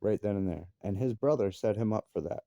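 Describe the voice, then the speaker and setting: A father with a lowish, mellow voice rants angrily and fairly quickly about his family, swearing heavily. His voice jumps sharply into outbursts, and the dull recording has no room sound.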